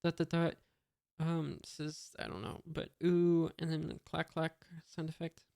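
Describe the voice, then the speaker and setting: Slow monotone reader of a comic. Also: medium pitch, gravelly, smooth, no echo, clean studio sound. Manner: monotone, reads out sound effects and punctuation, many fillers. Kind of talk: reading a comic aloud.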